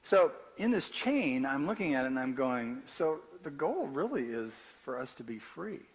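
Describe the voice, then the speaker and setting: An older man preaching a sermon in a conversational way, dropping to quiet asides and rising to loud, emphatic scripture reading. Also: mid-range voice, very animated, normal speed. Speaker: pastor.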